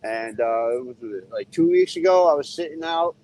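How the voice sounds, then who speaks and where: A man's voice: on the high side, animated, moderate pace, a little mellow, poor audio. A man who drives a truck, telling a blunt, profane story in casual talk from inside his cab. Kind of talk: casual storytelling while driving.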